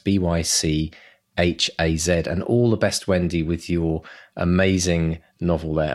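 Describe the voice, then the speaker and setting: An enthusiastic man hosting a podcast and cheerfully introducing segments. His voice sits very low in pitch. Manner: upbeat, enthusiastic, repeats "brilliant stuff". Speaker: podcast host. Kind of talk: casual podcast chat.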